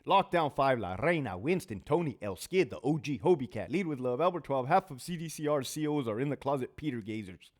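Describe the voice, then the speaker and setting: It's a brisk, mid-range male voice with lively intonation and few pauses. The host, formerly a prison officer, delivers a casual storytelling monologue on his talk show, swearing freely and reading out viewer names.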